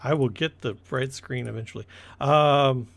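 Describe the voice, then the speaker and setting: A man's voice: mid-range voice, normal speed, creaky, fairly bright tone. A man running a tabletop game as game master, narrating loosely and correcting himself as he goes. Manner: rambling, corrects himself often.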